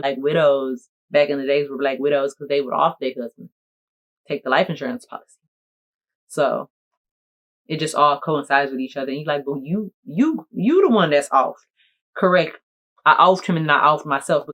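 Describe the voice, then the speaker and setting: A woman content creator chatting casually to camera in a playful, jokey, animated way. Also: low-pitched. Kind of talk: casual vlog talk to camera.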